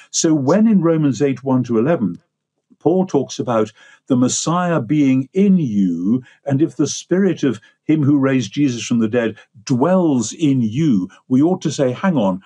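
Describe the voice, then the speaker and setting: A man's voice: medium pitch, warm tone, slightly rough. An older man with an English accent, explaining ideas at length in a discursive, lecturing way as an interview guest. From England. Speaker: guest theologian.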